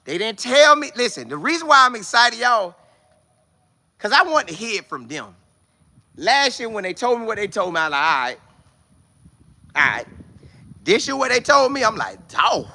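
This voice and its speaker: A man vlogging outdoors with no studio, talking sports in an excitable, repetitive way full of preacher-like exclamations. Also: extremely high pitch, moderate pace, gravelly. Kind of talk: casual hyped-up monologue to camera.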